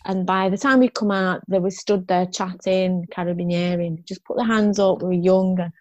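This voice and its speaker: A woman's voice: on the low side, steady tone, normal speed, a little mellow, no room sound, highs cut off. A woman in her fifties, a guest in an interview, telling her story frankly and ramblingly, with restarts and rueful laughs.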